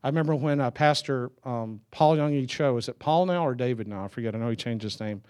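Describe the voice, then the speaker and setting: A man's voice: mid-range voice, fast, a little mellow, clear, resonant tone. A middle-aged man preaching a sermon, telling stories in a loose, conversational way with chuckles and restarts. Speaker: pastor.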